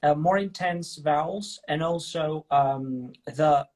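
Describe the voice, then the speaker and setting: A man's voice: a little high, takes it slowly, a little mellow. A man hosting a casual interview, chatty and loose in how he talks. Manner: chatty, many fillers and restarts. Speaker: host.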